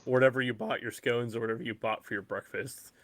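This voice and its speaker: A man's voice: medium pitch, steady tone, fast, a bit bright, dry recording. A man running a tabletop game as game master, talking loosely and laying out the players' options. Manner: loose, restarting, offers options.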